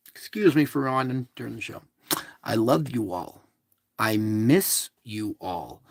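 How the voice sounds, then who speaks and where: A man hosting a casual spiritual show, talking in a slow, soothing, repetitive way to reassure his listeners. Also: mid-range voice, very animated, gravelly, dry recording, clean studio sound. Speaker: show host. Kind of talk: casual spiritual livestream talk.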